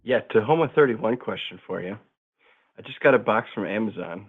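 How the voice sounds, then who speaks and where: A man's voice: fairly low pitch, lively intonation, brisk, breathy edge. A man calling in to a lawn-care show, explaining his setup plainly and in turf jargon. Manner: matter-of-fact, uses turf jargon. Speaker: caller. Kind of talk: phone-in question. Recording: tinny phone line.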